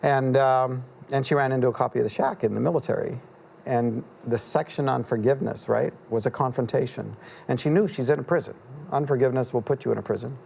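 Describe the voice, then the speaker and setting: A middle-aged man speaks with a gravelly, creaky edge in a TV studio, miked up on a lapel. He tells his story earnestly and haltingly, full of fillers and restarts. A faint hiss sits under his voice. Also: mid-range voice, darkish tone. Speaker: author guest. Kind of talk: reflective storytelling in a TV interview.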